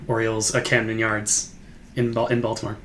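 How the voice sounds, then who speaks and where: Casting: a man with a sharp, bright voice adding casual side facts. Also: lowish voice, monotone, a little fast, slight background noise. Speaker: podcast co-host. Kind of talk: casual trivia chat.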